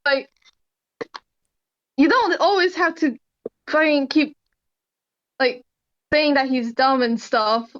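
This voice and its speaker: A woman's voice: animated, a little slow, a bit bright, highs cut off. A woman voicing an annoyed ghost toon who bluntly pushes back, in a tabletop role-play. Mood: annoyed exasperated. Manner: exasperated, rambling, pitch rising.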